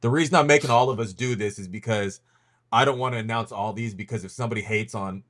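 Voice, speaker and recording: A man's voice: lowish voice, fast talker, fairly bright tone. A man hosting a casual podcast, talking loosely with lots of ums and restarts as he leads a rankings reveal.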